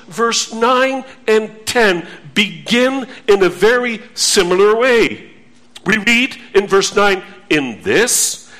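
High-voiced guy preaching a sermon in church, slow and deliberate, repeats his points. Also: a bit bright. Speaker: pastor.

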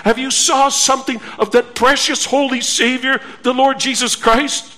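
A man preaching a sermon, slow and earnest, repeating phrases and asking the listeners rhetorical questions. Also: very high voice, flat delivery, pushed and bright.

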